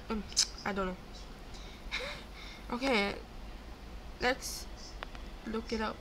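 A young woman giving live gameplay commentary, excitable and chatty, talking back to game characters. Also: on the high side, takes it slowly, pauses often, slight background noise. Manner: excitable, screams and gasps, talks to game characters. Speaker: gaming YouTuber.

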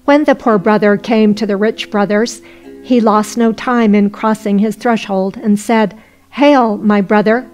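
A woman narrating a folk tale audiobook in a steady storytelling voice. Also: medium pitch, unhurried, faint music behind.

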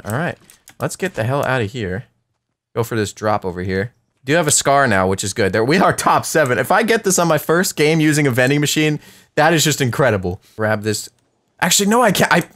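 A young man doing live gameplay commentary for his channel, excitable and talking straight to his viewers. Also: medium pitch. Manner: excitable, talks to viewers, shouts at wins. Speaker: gaming YouTuber.

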